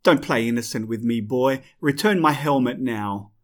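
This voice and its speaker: A man's voice: medium pitch, normal speed, natural voice. A man voicing a towering, wrathful male god of the dead who speaks in an imperious, scornful way.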